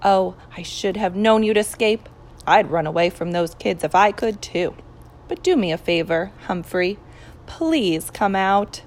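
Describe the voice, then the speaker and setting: A woman's voice: medium pitch, lively intonation, a little slow, natural voice. A woman reading the part of a harried middle-aged school principal and father in an audiobook, with a pleading, firm manner. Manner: pleading, then firm and hushed. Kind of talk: audiobook character voice.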